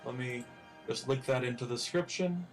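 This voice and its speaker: A man with an ordinary mid-range voice chats through game rules, pausing to double-check himself. Faint music runs in the background. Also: mid-range voice. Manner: chatty, unsure, self-correcting. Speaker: player. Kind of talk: casual tabletop game talk.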